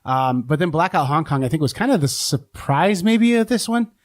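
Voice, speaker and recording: A man's voice: a little high, expressive, normal speed. A man co-hosting a podcast in casual chat, rambling along with lots of "um" and "like" fillers. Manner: rambling, full of "um" and "like". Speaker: podcast co-host.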